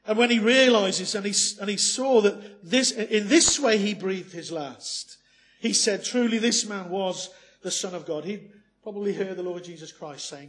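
Male preacher, high-pitched, earnest sermon delivery with rhetorical questions and hushed asides. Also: moderate pace.

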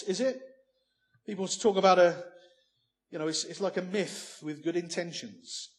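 A man's voice: sits high, moderate pace, long pauses. A man preaching a sermon, emphatic, often ending points with rhetorical questions.

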